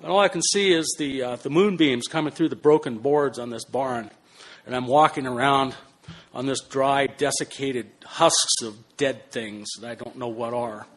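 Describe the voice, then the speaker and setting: Brief: older male storyteller, mid-pitched, animated delivery that drops to hushed and bursts loud, casual swearing. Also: normal speed. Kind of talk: spoken personal anecdote.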